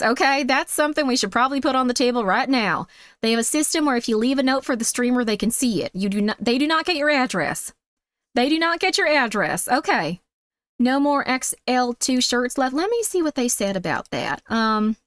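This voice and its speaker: A young woman streamer with a squeaky voice and a put-on Southern accent, chatting sweetly with viewers and calling them sweetie. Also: fairly bright tone, dry recording, studio quality. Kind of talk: casual livestream chat.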